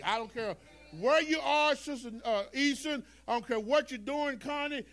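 A male pastor preaching a sermon, dropping to low storytelling and rising to shouted, whooping calls. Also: normal speed. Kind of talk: Black Baptist preaching.

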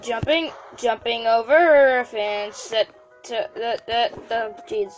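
Excitable high-voiced woman gamer. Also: takes it slowly, faint music behind. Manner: excitable, exclaims and stammers often. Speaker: game channel host. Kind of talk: casual gameplay commentary.

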